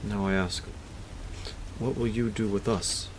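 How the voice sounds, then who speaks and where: A man doing a pleading zealot leader, low-voiced. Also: steady tone, unhurried, background noise, lightly acted. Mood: calm. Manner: pleading, humble.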